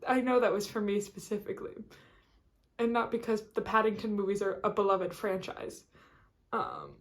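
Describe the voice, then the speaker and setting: A woman's voice: mid-range voice, sing-song, normal speed. A woman vlogging in a casual, rambling chat to camera, full of fillers and restarts.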